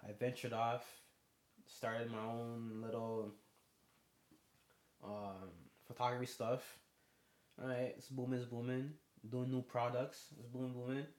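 A man's voice: mid-range voice, measured pace, long pauses. A young man, chatting casually on a podcast and acting out both sides of his stories. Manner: animated storyteller, acts out both sides of conversations. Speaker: podcast co-host. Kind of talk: casual chat. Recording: roomy echo.

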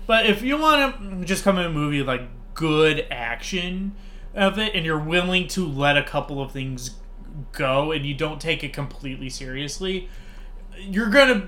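A man's voice: on the high side, animated, normal speed, sharp tone. A man as podcast guest, chatting casually about a movie with wry, complaining asides.

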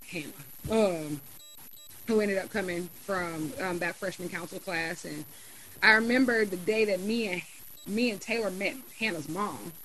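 A young adult woman chatting casually on a podcast, telling a lively story with many fillers. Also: on the low side, slight background noise, low-quality recording. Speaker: student government officer and podcast guest.

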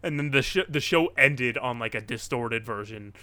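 A man co-hosting a casual wrestling chat, excitable and rambling, with lots of restarts. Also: mid-range voice, normal speed, dry recording. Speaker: podcast co-host.

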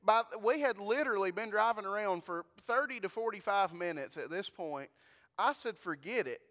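A man's voice: high voice, expressive, moderate pace, a bit bright. A man preaching a sermon, telling a folksy story and talking straight to his congregation. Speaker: pastor. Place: church. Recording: long church reverb.

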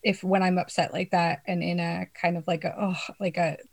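A woman's voice: fairly low pitch, little pitch movement, moderate pace, vocal fry. A young woman in casual chat with friends, telling a story with lots of swearing and laughter.

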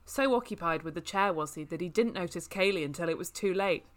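A woman's voice: lowish voice, a little fast. A woman reading a novel aloud as a comedy bit, with laughing asides. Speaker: reader.

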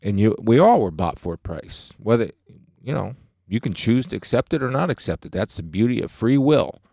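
Man, middle-aged, podcast co-host, earnest and emphatic, lowish voice, dry close mic. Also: very animated, moderate pace, creaky, dark tone, no room sound. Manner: earnest, emphatic, declaring beliefs. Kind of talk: faith podcast chat.

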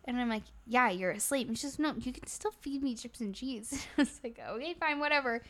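A young woman telling a story in casual chat, animated and swearing constantly, laughing as she goes. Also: on the high side, brisk.

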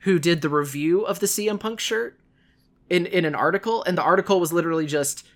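A man's voice: high-pitched, a little fast, a bit bright. A man hosting a casual podcast, chatting animatedly, laughing often and acting out quotes. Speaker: podcast host.

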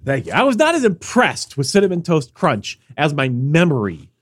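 A fairly high-pitched man talks at normal speed on a dry, clean studio recording. As co-host of a casual podcast, he banters with his partner, animated and jokey, sniffling and sneezing as he goes.

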